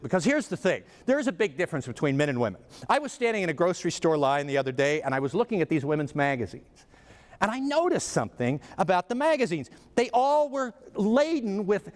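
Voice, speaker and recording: A man giving a humorous keynote speech, telling stories with comic asides. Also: high-pitched. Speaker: motivational speaker. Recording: reverberant hall.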